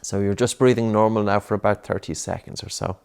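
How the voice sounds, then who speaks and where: A man coaching a child through breathing exercises, patient and encouraging, with many gentle repeated prompts. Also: fairly low pitch, steady tone, fairly quick, gravelly, clean tone.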